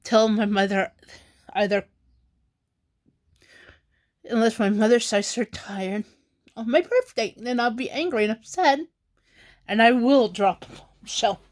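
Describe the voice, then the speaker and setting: A woman vlogging about her troubles while crying, halting and apologetic, with sighs and restarts. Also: fairly high pitch. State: crying, tearful. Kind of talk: emotional personal vlog.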